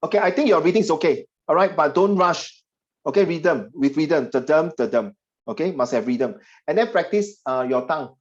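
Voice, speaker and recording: Singaporean male tutor, chatty teasing delivery, slightly high voice, lo-fi video call audio. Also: lively intonation, a little fast. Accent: Singaporean English. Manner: chatty, teasing, puts on voices of parents and students. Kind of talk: online class teaching.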